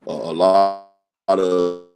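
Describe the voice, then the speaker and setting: Deep-voiced male coach from Mississippi, plainspoken country manner, easy conversational guest. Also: slow. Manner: plainspoken country talk, relaxed, lots of "man" and "you know". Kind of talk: casual podcast interview.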